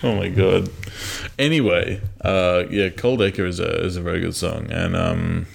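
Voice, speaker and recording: A man co-hosting a laid-back podcast chat. His voice sits very low with a gravelly fry, and he talks in halting bits, often restarting and filling gaps with ums. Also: fairly even intonation. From Australia. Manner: hesitant, many restarts and ums. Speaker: podcast co-host. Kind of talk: casual chat.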